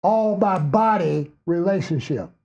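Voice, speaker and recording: A man who is losing his voice, hosting a spiritual discussion group in a strained, hoarse tone and stressing points with frequent "okay?". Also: high voice, animated, unhurried, darkish tone, highs cut off. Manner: emphatic, keeps asking "okay?". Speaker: host and teacher.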